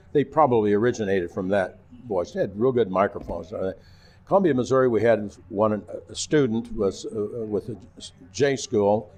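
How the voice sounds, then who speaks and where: An older man with a Midwestern American accent, a former TV weatherman, telling animated anecdotes as an interview guest. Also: lowish voice. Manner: animated anecdotes, acting out quotes. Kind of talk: casual storytelling.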